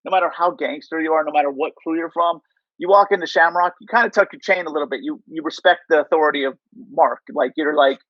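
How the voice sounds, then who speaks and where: A man with a high-leaning voice talks quickly as an interview guest, telling casual stories that ramble and lean heavily on "like" and "you know." The recording has no echo, and the audio sounds dull.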